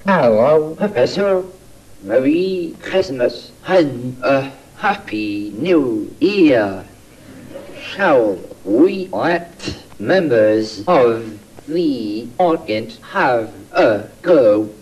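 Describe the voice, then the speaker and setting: A man, a TV studio technician, whose speech recorded backwards is played back in reverse, coming out slow and oddly stressed. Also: mid-range voice, lively intonation, darkish tone, muffled recording.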